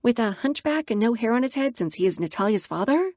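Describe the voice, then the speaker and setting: A woman narrating a first-person romance audiobook in an expressive way. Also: on the high side, brisk, no room sound, clean studio sound.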